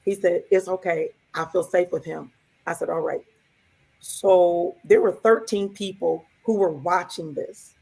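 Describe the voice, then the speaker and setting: A woman's voice: fairly low pitch, fairly even intonation, a little slow, gravelly, mellow, breathy edge. A woman co-hosting a podcast, telling a personal story casually and quoting the dialogue as she goes. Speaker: podcast co-host.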